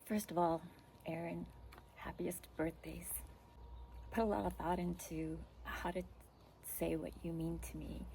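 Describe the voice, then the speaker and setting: A woman's voice: fairly low pitch, gravelly, warm tone, slight background noise, low-quality recording. A woman giving a heartfelt birthday tribute to a close friend, partly reading from notes and getting choked up. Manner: emotional, choked up, voice dropping to a whisper at times.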